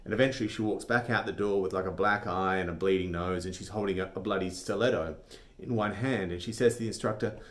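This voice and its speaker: A man's voice: low-pitched, quick pace, a bit bright. A man vlogging, telling a joke and then giving a blunt, argumentative opinion monologue.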